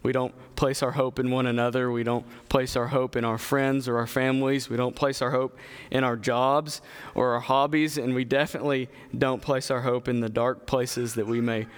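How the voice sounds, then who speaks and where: Male preacher, mid-pitched, earnest and halting, preaching and reading scripture in a hall with long reverb. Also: flat delivery, clear, resonant tone. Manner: earnest, halting, with fillers and restarts.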